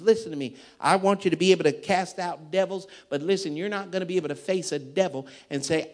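A fiery preacher man, a bit high-voiced. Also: fast, hardly any pauses. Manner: emphatic, dramatic, swings between loud and hushed. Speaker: pastor. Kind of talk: sermon storytelling.

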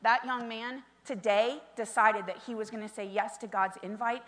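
A woman's voice: fairly high pitch, fairly even intonation, moderate pace. Woman pastor preaching in a reverberant hall. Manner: preaching with swings from soft storytelling to loud emphatic calls. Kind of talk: sermon. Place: church sanctuary. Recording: long reverb of a large hall.

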